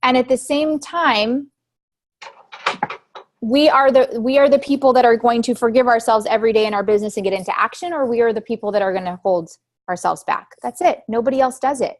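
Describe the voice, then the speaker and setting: A woman's voice: fairly high pitch, a little fast. A woman in her thirties leading a motivational talk for her team on a group call, emphatic, repeating key phrases and asking her listeners questions. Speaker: team leader giving a training recap.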